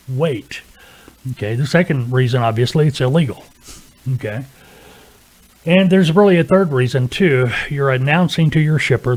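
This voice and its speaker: A man's voice: mid-range voice, darkish tone. A man teaching freight brokering in a plain-spoken, coaching manner, often checking in with "okay" as he explains. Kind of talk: instructional talk to camera.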